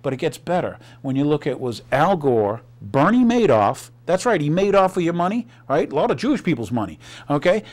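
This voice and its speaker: A male host delivers a news commentary monologue, sarcastic and full of rhetorical questions. His voice sits slightly high and swings lively in pitch. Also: brisk.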